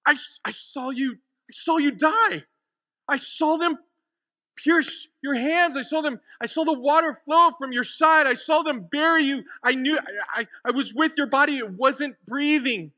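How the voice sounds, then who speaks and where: A grieving woman at an empty tomb cries out in passionate disbelief, as a man acts her out. The voice rides high and sounds bright and sharp. Her words pour out with strong feeling. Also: measured pace, exaggerated voice. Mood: overjoyed.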